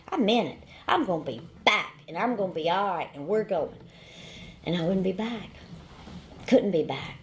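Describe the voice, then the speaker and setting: This Southern American woman in her forties gives a recovery testimony at an AA meeting, her voice on the low side with lively intonation. At a moderate pace, with slight background noise, she tells her story folksily, using repeated phrases and dry humor.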